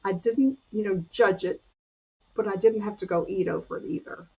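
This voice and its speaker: An older woman with a breathy, husky voice speaks earnestly, sharing personal struggles in a faith-based podcast conversation. She restarts her sentences often as she works through her thoughts. The recording is dull and lo-fi. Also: mid-range voice, moderate pace, darkish tone. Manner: earnest, confessional, with frequent restarts. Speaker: weight-loss coach.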